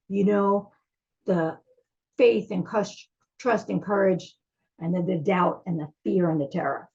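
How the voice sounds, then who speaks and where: A woman's voice: medium pitch, a little slow, darkish tone, highs cut off. A woman teaching a class, talking in a heartfelt, searching way with many fillers and restarts.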